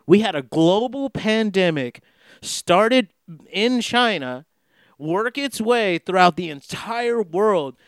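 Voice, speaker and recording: A male vlogger in Los Angeles chats casually with a high-sitting, animated voice, speaking slowly in a clean, dry recording. He rambles profanely and laughs his way through his story.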